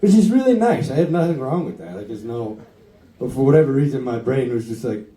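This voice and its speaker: A man's voice: mid-range voice, lively intonation, a little fast, mellow. A singer-songwriter rambling self-deprecatingly between songs at a live concert, chuckling as he talks. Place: indoor concert venue with a live crowd. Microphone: stage mic, recorded by an audience camera from far off. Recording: echoey concert hall heard from far off, with crowd and band.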